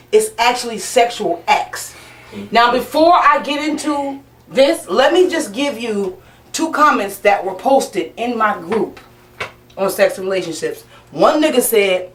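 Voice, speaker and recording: A woman hosting a casual panel talk show, loud, brash and profane, laughing often. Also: medium pitch, animated, unhurried. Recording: echoey room, mic far off.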